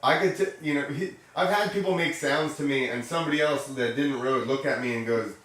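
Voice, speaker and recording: A man's voice: mid-range voice, fairly quick, few pauses, fairly bright tone. Easygoing male host from New Jersey, distant from the mic, very echoey room. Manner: easygoing, agreeable, swears casually. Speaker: podcast host. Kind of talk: casual interview chat.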